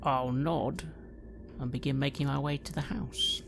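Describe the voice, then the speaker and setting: A player speaking in character, slow and earnest, sometimes dropping into soft, near-whispered lines. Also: mid-range voice, fairly even intonation, vocal fry, noisy background. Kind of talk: in-character roleplay speech.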